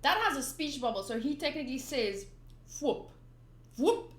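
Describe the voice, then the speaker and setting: A young woman rambling casually at home, full of ums and little laughs, reading through a comic for her channel. Her voice is a touch high, and the room gives it a clear echo. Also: expressive, moderate pace, fairly bright tone. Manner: rambling, lots of ums, giggly asides. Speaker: manga reader and channel host. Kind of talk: casual chatty readthrough. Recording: roomy echo.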